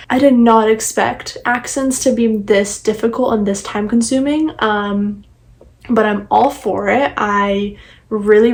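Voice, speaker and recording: A woman's voice: medium pitch, rough recording. A young woman vlogging casually, chatty and upbeat with lots of fillers. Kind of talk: casual vlog.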